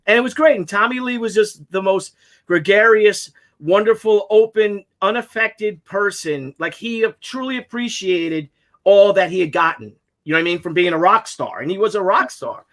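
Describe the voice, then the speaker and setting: A man's voice: sits high, normal speed, a bit bright. A man who draws comics, telling anecdotes in casual chat and acting out the quotes with animation. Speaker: comic artist.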